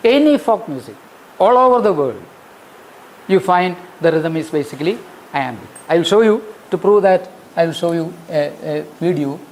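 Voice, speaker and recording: High-voiced man lecturing. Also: animated, normal speed, a little mellow, a little hiss or hum, rough recording. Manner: emphatic, repeats key phrases, counts out rhythms. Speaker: guest lecturer. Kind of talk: academic lecture. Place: lecture hall.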